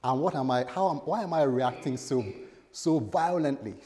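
A man's voice: medium pitch, moderate pace, a little mellow. A male pastor delivering a sermon, telling stories animatedly and acting out the voices he quotes. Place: church hall. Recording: long hall reverb.

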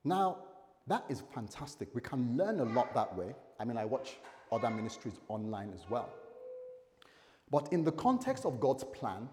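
A man, the pastor, giving a conversational sermon at a church service, animated and chatty with light humor. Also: mid-range voice, moderate pace, in a large hall.

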